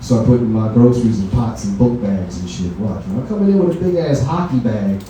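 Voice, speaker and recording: A man's voice: mid-range voice, lively intonation, brisk, dark tone, slight background noise. A man doing a stand-up comedy set, telling loose, profane stories in a conversational way. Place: comedy venue lounge, indoors. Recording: echoey room from far off.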